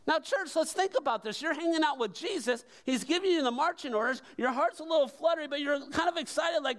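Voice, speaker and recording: Pastor, male, high voice, conversational yet emphatic preaching style. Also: fairly quick, few pauses. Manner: conversational and emphatic, with rhetorical questions. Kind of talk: sermon.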